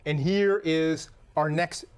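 A man's voice: a little high, fairly even intonation, slow, clean tone. A man hosting a casual comedy chat show, with a playful, teasing, rambling way of talking. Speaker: podcast host.

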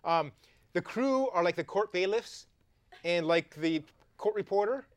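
A man's voice: high-pitched, animated, measured pace, no echo. A young adult man with a Canadian accent, hosting a live comedy talk show and playfully reading viewer tweets aloud. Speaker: host.

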